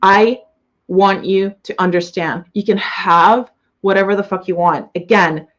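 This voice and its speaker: A young woman business coach closing a live webinar, gushing and excitable, swearing freely as she greets viewers. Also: medium pitch, unhurried, lo-fi sound.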